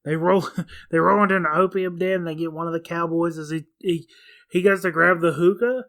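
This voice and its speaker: Bright-voiced man bluntly retelling scenes. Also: a little high, normal speed. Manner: animated, blunt scene retelling with casual swearing. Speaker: podcast co-host. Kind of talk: casual movie recap chat.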